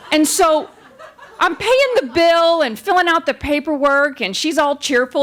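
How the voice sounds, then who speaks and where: A woman performing a comic personal story on stage, wry and animated. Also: high-pitched, moderate pace.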